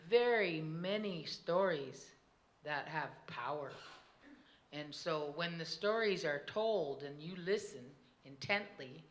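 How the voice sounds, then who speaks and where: A woman telling a traditional story to an audience, animated and quick to laugh. Her voice sits low yet sounds bright and clear, with the easy rhythm of oral storytelling. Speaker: tribal storyteller on a panel.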